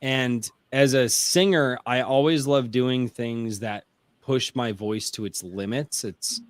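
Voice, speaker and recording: Brief: author at a round table, middle-pitched baritone man, eager, restarts a lot, dry close mic. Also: slow pace, dry recording. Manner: enthusiastic, rambling, many restarts. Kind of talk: casual round-table chat. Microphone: home mic through a mixer, bass boosted.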